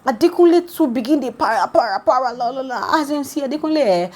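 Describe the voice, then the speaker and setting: Nigerian lady dishing reality show gist, super animated, voice shooting way up when she reacts. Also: fast. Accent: Nigerian English. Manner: animated and dramatic, jumping high in pitch as she reacts. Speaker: host of a celebrity gossip channel. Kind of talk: casual gossip commentary.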